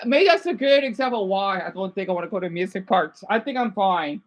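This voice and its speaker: A woman's voice: medium pitch, lively intonation, brisk, few pauses, no room sound, highs cut off. A woman streaming and reacting to videos in casual, rambling chat, trailing off and restarting often. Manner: chatty, trailing off and restarting, laughs easily.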